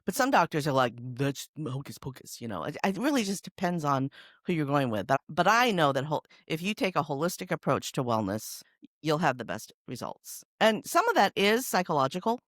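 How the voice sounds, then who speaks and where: A middle-aged woman hosting a podcast, chatting casually and telling stories in an animated, emphatic way. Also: low voice, a little fast, no echo, clean studio sound. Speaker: podcast host. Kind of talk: casual conversation.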